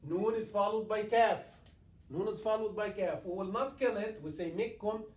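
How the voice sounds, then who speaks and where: Recorded from a distance in an echoing mosque classroom, a male imam with a high, somewhat mellow voice teaches tajweed for Quran recitation. He talks haltingly, leans on fillers, and repeats himself while reciting examples.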